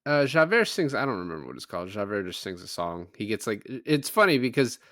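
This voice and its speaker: A man's voice: on the low side, big pitch swings, fast, a bit bright, dry recording. Dry-voiced man recapping a movie casually. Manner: recaps plot loosely, jokes and mock-quotes characters. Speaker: podcast co-host. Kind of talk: casual movie review chat.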